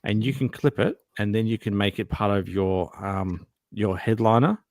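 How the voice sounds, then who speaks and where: Man, host, lowish voice, dry close sound, halting, repeats words. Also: a little mellow, dry recording. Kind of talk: casual chat.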